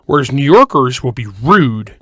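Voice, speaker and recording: Guy from california cohosting a podcast, rambles and corrects himself, cracks little jokes, mid pitched, dry close mic. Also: very animated, normal speed, fairly bright tone, no echo. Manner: rambling, self-correcting, joking asides. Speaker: podcast co-host. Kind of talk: casual chat.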